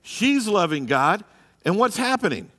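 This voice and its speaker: A man's voice: high-pitched, very animated, measured pace, bright, forceful tone. A man, a pastor teaching a marriage class in church, emphatic and full of rhetorical questions. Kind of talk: church lesson. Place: church hall. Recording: live church room with reverb.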